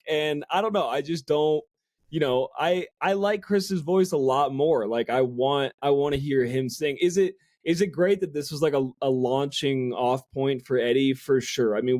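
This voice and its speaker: A man's voice: mid-range voice, a little mellow, no echo, studio quality. A man co-hosting a podcast, chatting casually about an album and sprinkling his talk with fillers and restarts. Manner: chatty, lots of fillers and self-corrections. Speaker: podcast co-host. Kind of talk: casual music review chat.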